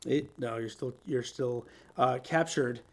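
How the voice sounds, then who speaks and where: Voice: medium pitch, a little slow. A game master running a tabletop game, talking in a hesitant, apologetic way with many fillers. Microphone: headphones.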